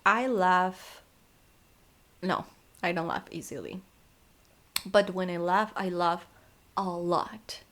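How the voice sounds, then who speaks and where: A young woman answering fan questions in a casual vlog, sleepy and yawning, slipping into soft whispers and laughing often. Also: fairly low pitch, takes it slowly, long pauses.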